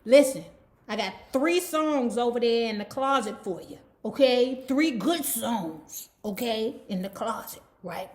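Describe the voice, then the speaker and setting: A woman's voice: a little high, animated, measured pace. A woman doing a brash, cocky funk star. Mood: wheedling. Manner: brash, pleading, profane.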